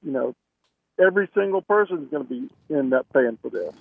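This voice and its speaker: A man from Alabama calls in over a thin, tinny phone line, his voice a touch high as he haltingly gropes for words. The sound is dry and close. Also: animated, gravelly, slightly rough, no room sound. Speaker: caller. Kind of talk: call-in phone conversation. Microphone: telephone.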